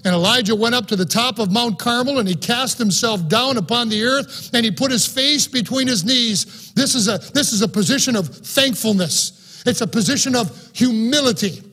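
A man's voice: very high-pitched, moderate pace, sharp tone, husky. A man preaching a sermon, reading scripture aloud and then preaching on it with rising fervor.

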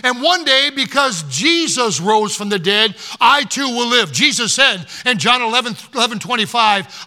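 An older male pastor preaches with fervor, his voice high and strikingly bright. He shifts between loud exhortation and hushed, personal storytelling as he quotes scripture. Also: animated, normal speed, hardly any pauses. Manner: impassioned preaching, quoting scripture. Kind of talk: sermon.

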